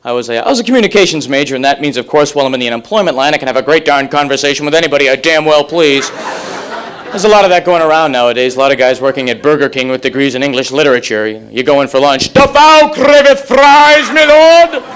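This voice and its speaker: A young man from Massachusetts doing a stand-up comedy set, with a wry, rapid-fire delivery. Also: mid-range voice, a bit bright, a little hiss or hum. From Massachusetts, USA.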